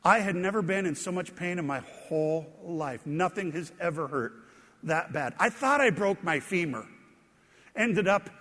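High-voiced pastor preaching in a reverberant hall. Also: male voice, lively intonation, moderate pace, fairly bright tone. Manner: storytelling with self-deprecating humor. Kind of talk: sermon.

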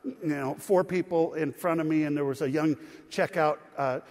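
A male pastor with a fairly high voice delivers a sermon, moving from a chatty story to emphatic preaching. The sound rings with long reverb in a church hall. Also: normal speed, darkish tone. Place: church sanctuary.

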